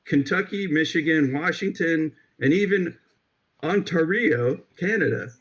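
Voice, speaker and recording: Husky-voiced man, joking podcast host. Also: a little high, unhurried, fairly bright tone, low-quality recording. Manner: joking, swears often, restarts sentences. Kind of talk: casual, profane podcast banter.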